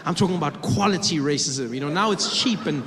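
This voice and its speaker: A high-voiced man tells a story on a comedy stage, now and then slipping into other people's voices. His words ring out with a long reverb through the room. The noise of the crowd comes through clearly behind him. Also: brisk. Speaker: stand-up comedian. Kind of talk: stand-up comedy. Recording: roomy live stage reverb with audience noise.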